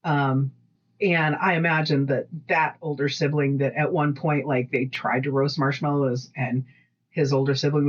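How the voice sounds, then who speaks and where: Woman co-host, husky voice, casual rambling chat, recorded lo-fi. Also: low-pitched, moderate pace. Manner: rambling storyteller, lively quoted voices. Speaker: podcast co-host.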